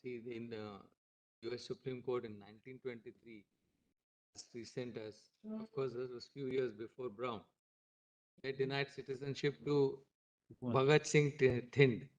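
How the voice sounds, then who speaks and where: A man's voice: mid-range voice, steady tone, moderate pace. A man speaking as a judge from the bench, making a conversational, explanatory aside. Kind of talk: remarks from the bench. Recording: dull, lo-fi courtroom audio from far off.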